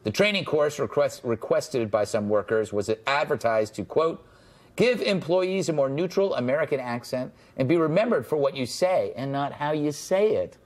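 A man hosting a late-night panel talk show, wry and jokey, reading news items and throwing quick asides to guests. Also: medium pitch, animated.

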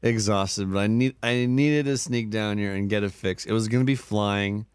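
A man's voice: fairly low pitch, normal speed, clear, resonant tone, no room sound. A man hosting a casual live stream, tired but upbeat and chatty, laughing often as he thanks subscribers one by one. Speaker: livestreamer. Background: faint background music.

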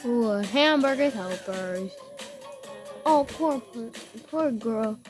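Girl gamer voice, high and slow-talking, gets all squeaky and giggly when scared. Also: over music. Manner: excitable, gasping and giggling, frightened squeals. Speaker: gamer recording her play. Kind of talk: casual gaming commentary.

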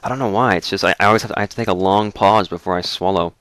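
Brief: man, dry throat, deep voice, relaxed rambling let's-play host. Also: racing, a little hiss or hum. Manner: rambling, relaxed, narrates as he plays. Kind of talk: casual gaming commentary.

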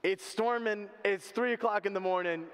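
A man voicing a grudging homeowner in a sermon story, gruff and dismissive. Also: sits high, normal speed, fairly bright tone, in a large hall. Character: tired man of the house, grudging.

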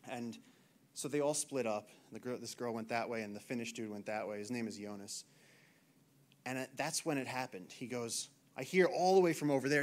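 A man in his thirties from the United States, a naturalist giving an animated storytelling talk to an audience in a lecture hall. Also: medium pitch, a little fast. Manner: animated, acts out shouted quotes.

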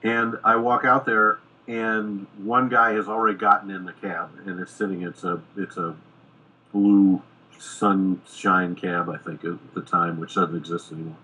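A middle-aged American screenwriter telling a lively anecdote in a podcast interview, acting out the quoted dialogue. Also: male voice, sits low, measured pace, breathy edge, low-quality recording. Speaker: screenwriter guest. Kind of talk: casual storytelling in a podcast interview.

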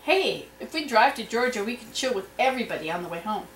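A woman with a slightly high voice chats with her family while she bakes, explaining each step as she goes. She is heard from a distance in an echoey home kitchen. A faint hum sits under her voice. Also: expressive, fast. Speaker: mother baking at home. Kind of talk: casual family chat.

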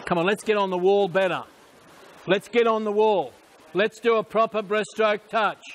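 A man coaching swimmers at a pool, calling out short repeated instructions and quick praise. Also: high-pitched, steady tone. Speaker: swim coach. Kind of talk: poolside coaching commands.

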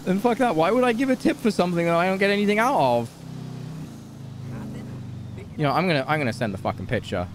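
A man with a high, animated voice complains and haggles, cursing freely and sounding fed up. Loud car and street noise from the game sits under him. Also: quick pace, long pauses. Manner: agitated, swearing, haggling. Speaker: streamer playing a street dealer character. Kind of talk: role-play phone calls.

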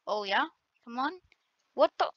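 A woman giving excitable, trash-talking commentary while playing a game on her channel. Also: a little high, a little slow, dry recording. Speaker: gaming channel host. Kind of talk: gameplay commentary. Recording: dull lo-fi recording.

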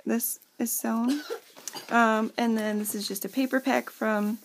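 A woman in her thirties talks through a handmade journal at home, chatty and full of little fillers. Her voice sits a touch high with a gravelly fry running through it. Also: fairly even intonation, measured pace, slight background noise. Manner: chatty, lots of fillers, talks to kids off camera. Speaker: crafter showing a handmade journal. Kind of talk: casual show-and-tell.

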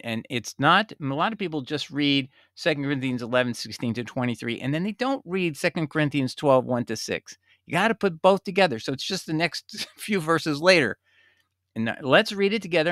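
A man giving bible commentary, reading verses slowly and then arguing his point with emphatic, heated conviction. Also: on the high side, a bit bright, no room sound, clean studio sound. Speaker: religious commentator.

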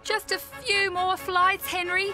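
A woman voicing a kind, encouraging cartoon lighthouse, speaking gently. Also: very high voice, level tone, slow. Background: children's music.

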